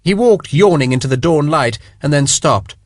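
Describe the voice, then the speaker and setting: A man narrating an audiobook in an expressive storytelling manner. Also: a little high, normal speed, dry recording, clean studio sound. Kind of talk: scripted narration.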